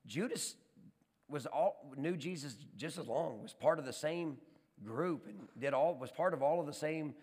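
A man preaching a sermon, telling stories with animated energy and often repeating and restarting words. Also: a little high. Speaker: pastor. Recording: long hall reverb.

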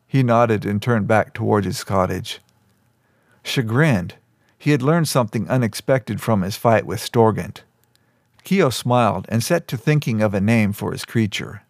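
Guy narrating an audiobook, steady even read, dry close mic. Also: lowish voice, measured pace, dry recording.

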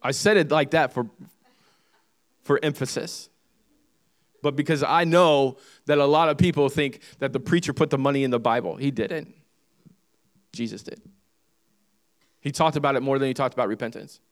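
A man's voice: mid-range voice, steady tone, normal speed, pauses often. A male pastor preaching a sermon, reading scripture and driving points home with repetition and questions to the congregation. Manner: emphatic, repeats key phrases and asks the congregation questions.

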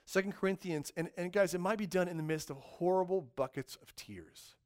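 Animated male preacher, slightly high voice. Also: brisk. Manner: animated, acts out voices in his illustrations. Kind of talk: sermon.

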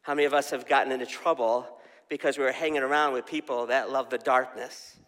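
A man's voice: medium pitch, fairly even intonation, fast talker, fairly bright tone. A man preaching a casual, story-driven sermon, often asking the crowd questions. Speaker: pastor. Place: church hall. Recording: long hall reverb.

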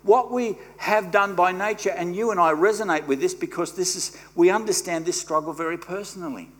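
A man preaching a sermon as pastor, emphatic and swinging between quiet and loud, leading the congregation in repeating lines. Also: sits high. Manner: leads the congregation in call-and-response.

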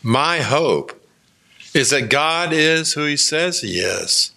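A man preaches a sermon at an unhurried pace, easing into his points with filler words. His voice has a bright, forward tone. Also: on the high side, sing-song, vocal fry. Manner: slow, conversational storytelling with many fillers. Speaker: pastor.

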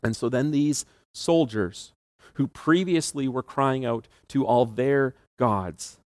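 A male pastor preaching a sermon, retelling the story in a relaxed, conversational way with occasional laughs. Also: mid-range voice, slow, dry recording, studio quality.

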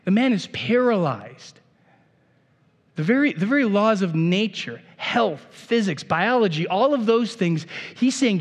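A man's voice: high-pitched, animated, unhurried, in a large hall. A man preaching a sermon as pastor in a casual, conversational way, often restarting his phrases.

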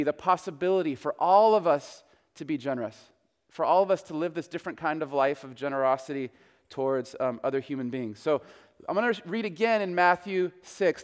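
High, smooth-voiced preacher in a reverberant hall. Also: male voice. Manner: conversational storytelling preaching. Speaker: pastor. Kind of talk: sermon.

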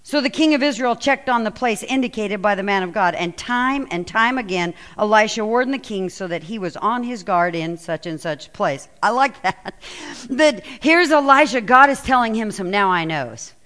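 A woman pastor preaching with real animation, reading scripture aloud and slipping into the voices of the people in the story. Her pitch sits in an ordinary middle range. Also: normal speed. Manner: animated storytelling, acts out quoted lines.

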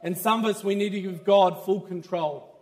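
A man preaching a sermon in church, animated and laughing as he talks. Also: high voice, normal speed, big-room sound. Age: 30s.

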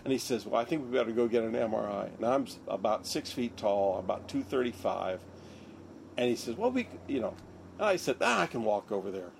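A man's voice: mid-range voice, expressive, fairly quick, creaky, a little hiss or hum. An older man, a surgeon, recounting his story in an interview, acting out the lines of others. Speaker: interviewee, neurosurgeon.

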